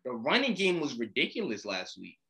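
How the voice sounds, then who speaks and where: A young man co-hosting a podcast, animated and slangy, saying "bro" a lot. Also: mid-range voice, a little fast, vocal fry. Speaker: podcast co-host. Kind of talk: casual chat.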